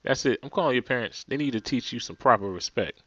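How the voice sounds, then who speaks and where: A man's voice: medium pitch, fast talker, fairly bright tone, no echo, muffled recording, natural voice. A man with a New Jersey accent voicing a stern, stuffy male schoolteacher in a pompous, scolding tone. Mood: indignant.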